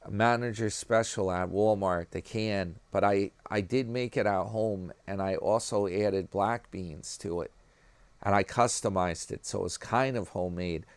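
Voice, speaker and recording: A man's voice: on the low side, measured pace, clear, resonant tone, no echo. A man with a New York accent chatting casually to his viewers, rambling from one thing to the next and calling them "guys" and "man". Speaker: YouTube commentary vlogger.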